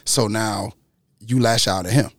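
A man in a casual group discussion who stumbles through restarts and then explains calmly. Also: lowish voice, unhurried, no room sound.

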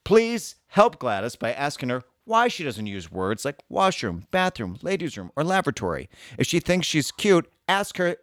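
Man, sardonic advice-show co-host, lively up-and-down pitch, dry close sound. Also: no echo. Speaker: co-host reading advice letters. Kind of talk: comedic advice podcast chat.

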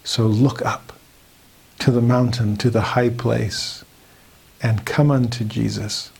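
Gravelly earnest man teaching scripture. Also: mid-range voice, steady tone, a little mellow, a little hiss or hum. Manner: earnest, slows down when reading verses. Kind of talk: devotional scripture lesson.

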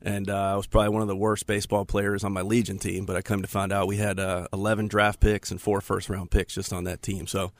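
A man in his forties from Florida, a podcast guest with a booming radio-style voice, relaxed and self-deprecating in casual chat. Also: fast talker, hardly any pauses.

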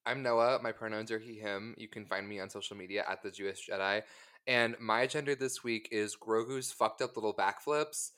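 Bright-voiced man podcast co-host. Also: fairly low pitch, moderate pace. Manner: animated, laughing, swears freely. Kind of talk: casual chat.

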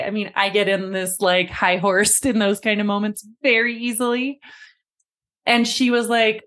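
A woman hosting a parenting podcast, speaking in a mid-pitched voice. She addresses the listener directly and calls them friend while explaining practical parenting steps. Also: little pitch movement, moderate pace, fairly bright tone. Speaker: podcast host and parenting coach. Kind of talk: scripted podcast talk.

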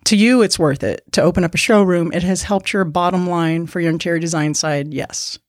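A woman's voice: on the low side, fairly quick, dry recording. Bubbly woman podcast host, dry close mic. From Miami. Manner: bubbly, laughs often. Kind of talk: casual interview chat.

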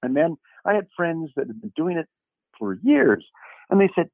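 An older man, an actor guest, telling lively anecdotes and acting out the dialogue, with many false starts. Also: on the high side, normal speed, no echo. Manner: animated storyteller who acts out quoted dialogue, with frequent restarts. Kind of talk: anecdotal interview storytelling. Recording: dry, tinny phone-like line.

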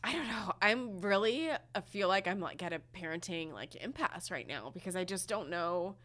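A woman co-hosting a casual podcast, talking in an emotional, halting way full of fillers. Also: fairly low pitch, animated, fairly bright tone. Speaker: podcast co-host.

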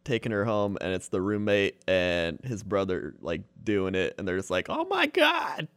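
A man's voice: deep voice, moderate pace, smooth, no echo. A man casually recapping a movie plot, rambling with lots of fillers. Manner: rambling storyteller, many fillers.

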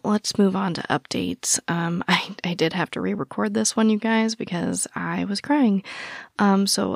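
A woman hosting a true crime podcast, speaking earnestly and softly to her listeners with a sore throat. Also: lowish voice, creaky, no room sound, clean studio sound. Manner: earnest, soft-spoken, addresses listeners directly. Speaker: podcast host. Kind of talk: true crime podcast narration and casual after-show chat.

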